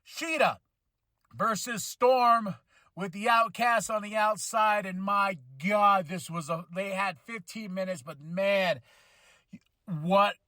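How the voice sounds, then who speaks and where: A man hosting a wrestling podcast, reviewing a show in an excitable, slangy way and breaking into shouts when thrilled. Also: high voice, no room sound. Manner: casual slangy delivery, laughs often.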